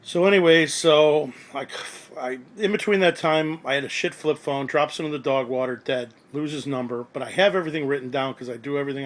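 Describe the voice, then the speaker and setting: A man ranting angrily and at length, profane and rambling, about someone who cheated him. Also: a little high. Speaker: radio collector ranting to forum. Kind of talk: angry monologue.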